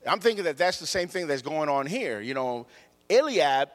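A man preaches a sermon with animated storytelling, repeating his phrases for emphasis. His voice sits a little high and swings widely in pitch. A long reverb trails behind him, as in a large hall. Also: moderate pace.

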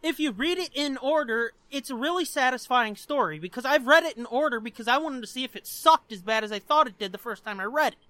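A man's voice: extremely high pitch, animated, fast talker, hardly any pauses, bright, forceful tone, no room sound. A man co-hosting a podcast who rants about a comic book in emphatic, profane casual chat. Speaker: podcast co-host.

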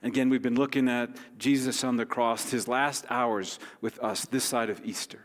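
A pastor delivers a sermon in a church sanctuary, and a long hall reverb follows his voice. He's easygoing and conversational, with touches of humor, speaking in an ordinary middle pitch with a steady tone and moderate pace.

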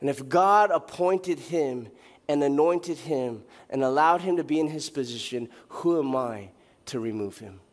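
Male pastor, higher voice, animated storyteller in a church sermon. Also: a little slow, in a large hall. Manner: animated storytelling, acting out characters' lines. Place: church sanctuary.

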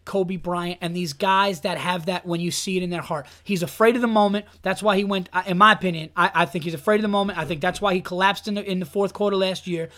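High-voiced man host telling stories. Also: fairly bright tone. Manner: storytelling, repeats "so then" while laughing. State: laughing to tears. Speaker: podcast host. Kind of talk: casual comedic chat.

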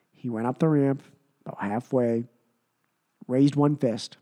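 A man's voice: mid-range voice, dark tone. A man hosts a wrestling podcast while sick, his voice worn and thin. He rambles through a casual reaction, stacking repeated phrases for emphasis. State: sick and short on voice.

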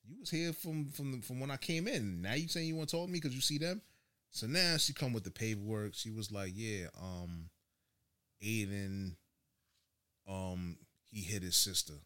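A man's voice: on the high side, fast talker. A man in his thirties, telling a story animatedly in casual chat as a podcast host. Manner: animated storytelling with laughs and slang.

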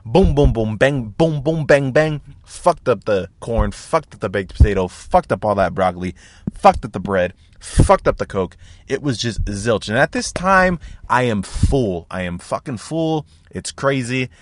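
A young man hosting a podcast, telling a comic story in a loud, profane, animated way, with sound effects like boom and bang. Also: a little slow, no room sound. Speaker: podcast host. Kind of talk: casual comedic storytelling.

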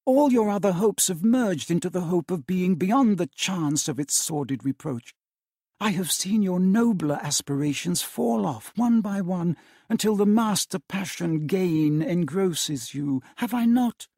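A man reading aloud and voicing a gentle young woman who speaks softly and steadily as she ends her engagement. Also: sits high, measured pace, no echo, clean studio sound, voice pushed up, exaggerated voice. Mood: sorrowful, gentle. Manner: soft, sorrowful and steady. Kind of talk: dramatic reading of a classic novel.

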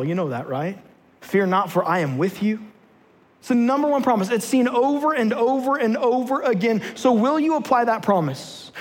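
A man's voice: extremely high pitch, long reverb tail. A man preaching a sermon to his church, telling a personal story and then leading repeated rallying declarations. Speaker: pastor. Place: church sanctuary.

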